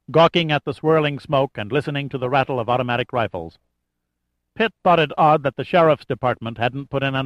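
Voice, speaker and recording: A male audiobook narrator reading a thriller in a steady, even storytelling voice of middle pitch. The recording is dull and lo-fi, and bone dry with no room around it. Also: dry recording. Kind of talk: scripted narration.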